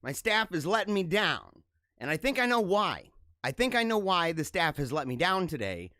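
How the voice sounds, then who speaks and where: Animated man hosting his own live show. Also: fairly high pitch, moderate pace, no echo, clean studio sound. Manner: animated, joking and emotional, many restarts. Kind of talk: casual live-stream monologue.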